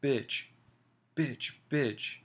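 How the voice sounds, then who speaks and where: A man's voice: medium pitch, steady tone, moderate pace, creaky, close to an everyday voice. A man reading a young lover's lines in an insistent, pleading way. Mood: furious. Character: young man, ardent then enraged.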